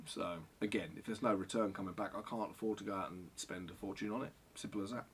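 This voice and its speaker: A man's voice: lowish voice, fairly even intonation, fast, breathy edge. A middle-aged man answering viewer questions in a casual, rambling vlog, sweary and self-deprecating. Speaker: photographer and vlogger.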